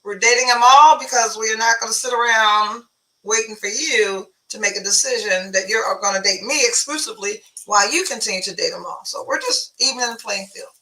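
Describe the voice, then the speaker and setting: A confident woman in her fifties talking through dating advice in a matter-of-fact way. Her voice is bright and sharp. She sits a little back from the microphone. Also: on the high side, a little fast, recorded from a distance, low-quality recording. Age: 50s. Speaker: relationship guru and talk show guest. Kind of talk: casual chat.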